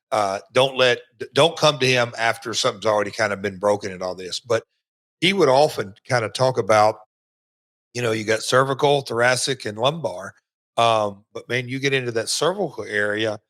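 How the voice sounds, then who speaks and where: Middle-aged Southern male host, bright voice, halting conversational delivery. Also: mid-range voice. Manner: halting, lots of fillers and restarts. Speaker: podcast host, former wrestler. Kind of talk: casual chat.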